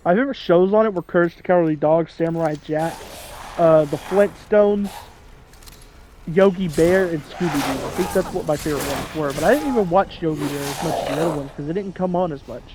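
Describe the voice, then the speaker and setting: A man's voice: fairly high pitch, brisk, background noise. A young man in his twenties chatting casually over gameplay, rambling and laughing at his own jokes. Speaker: gaming channel host. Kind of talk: casual let's-play commentary.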